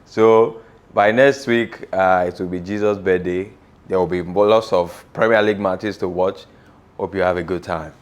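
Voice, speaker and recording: A man with a Nigerian accent presenting a comedic sports news segment, animated and teasing, slipping into Yoruba phrases. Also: sits low, moderate pace, slight background noise.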